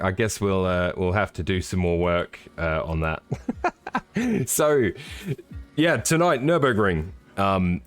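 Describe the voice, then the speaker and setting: A man hosting a live sim racing stream, chatting casually and jokily with viewers as he walks through a track lap. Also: lowish voice. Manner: jokey, rambling, chatty with viewers.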